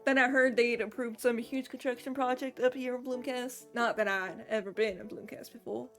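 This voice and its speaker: A woman's voice: fairly high pitch, fairly even intonation, normal speed, fairly bright tone. A woman voicing a folksy male hardware store owner in a Southern American accent, in a video game playthrough. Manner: drawling, homespun.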